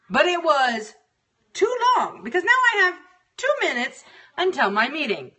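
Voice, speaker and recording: A woman's voice: very high voice, pushed and bright. A woman hosting a show, telling a story about her day in a casual, profane, exasperated way. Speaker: radio show host.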